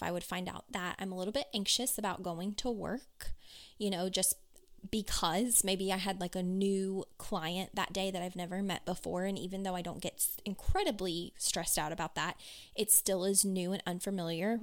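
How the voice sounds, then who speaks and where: A young woman, a pediatric occupational therapist, talking earnestly and reflectively straight to the listener in a casual self-help talk. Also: mid-range voice.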